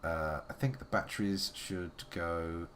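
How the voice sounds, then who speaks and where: A man's voice: sits low, fairly even intonation, measured pace, fairly bright tone, a little hiss or hum. A man giving playful, wordy live commentary on a game he is playing, making theatrical asides to his chat. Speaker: live-streaming game player.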